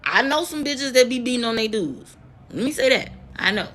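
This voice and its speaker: Her voice sits a little high and sounds animated and fairly bright as she moves at a moderate pace. She's a nurse from the US in her thirties, venting to viewers in an emotional storytime vlog, swearing and repeating words to drive points home.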